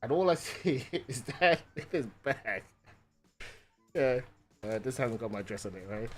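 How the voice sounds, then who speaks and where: Rambling, animated male streamer. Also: medium pitch, a little slow, soft background music. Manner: rambling, animated, swears, keeps adding "right?". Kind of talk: casual storytelling.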